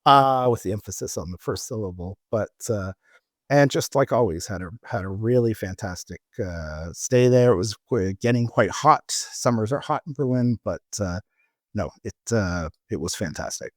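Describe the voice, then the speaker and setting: A man's voice: lowish voice, expressive, normal speed, no room sound, clean studio sound. A middle-aged man on a travel podcast, telling rambling anecdotes in casual chat with many restarts.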